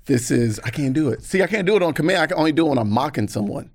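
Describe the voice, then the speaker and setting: Recorded in a studio with clean sound and no echo, this man talks fast in a fairly high pitch. He's a podcast guest in casual conversation, animatedly telling stories and voicing the characters in them.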